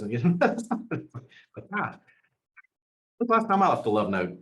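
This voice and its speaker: Man in his forties, motivational host, energetic and emphatic, repeats key phrases. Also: medium pitch, unhurried, long pauses. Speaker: host leading a team call. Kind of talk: motivational team call.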